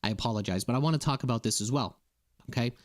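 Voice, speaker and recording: A man's voice: medium pitch, rapid-fire. A man from Massachusetts giving a casual, indignant rant to his viewers, often checking in with "okay?" and "right?". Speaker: political commentator.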